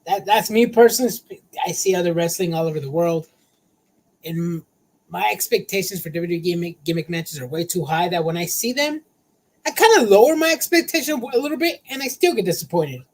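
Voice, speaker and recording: A man co-hosting a casual wrestling talk show, excitable and slangy, calling his partner bro. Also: sits high, a little fast, poor audio. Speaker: podcast co-host.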